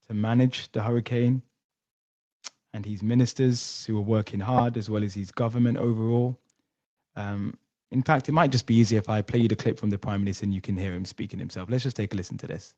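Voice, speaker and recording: A man's voice: lowish voice, darkish tone, dry recording. A man hosting a live-stream talk show, chatty, talking straight to his chat. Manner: chatty, addresses the chat directly. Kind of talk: casual live-stream commentary. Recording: dull lo-fi, dry.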